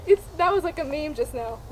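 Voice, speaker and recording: A woman's voice: very high voice, fairly bright tone, a little hiss or hum. A woman vlogging outdoors with her horse, talking to it playfully and giggling between lines, picked up by a camera mic a few steps away. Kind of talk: casual vlog talk to her horse and viewers.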